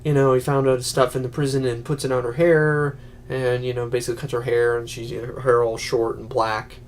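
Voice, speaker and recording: A man giving a casual, rambling spoken film review, full of fillers and quick acted-out quotes. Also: mid-range voice, flat delivery. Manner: rambling, many "you know" fillers, acts out quotes. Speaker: movie reviewer.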